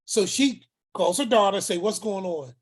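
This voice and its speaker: Husky man telling a story with emphatic repetition. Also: high voice, moderate pace. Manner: acts out the voices in his story, repeats words for emphasis. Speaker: uncle telling a family story. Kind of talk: storytelling talk.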